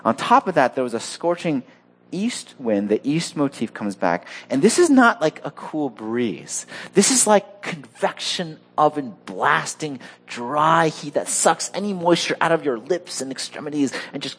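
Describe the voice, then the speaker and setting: Humorous, lively male preacher. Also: on the high side, husky. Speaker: pastor. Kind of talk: sermon.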